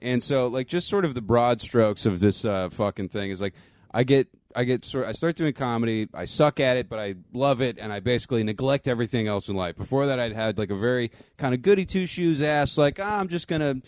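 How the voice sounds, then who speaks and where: A man's voice: mid-range voice, fairly quick, no echo. Profane young male comedian. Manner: profane, self-deprecating, energetic. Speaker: stand-up comedian and podcast host. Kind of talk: casual comedic storytelling.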